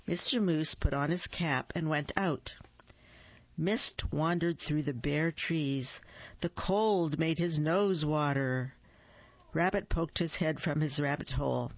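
A reader narrating a children's holiday story in a slow, deliberate way. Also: medium pitch, muffled recording. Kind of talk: children's story read-aloud.

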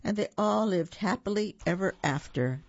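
Gravelly storybook reader. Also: mid-range voice, animated, normal speed, no room sound, lo-fi sound. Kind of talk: storybook reading aloud.

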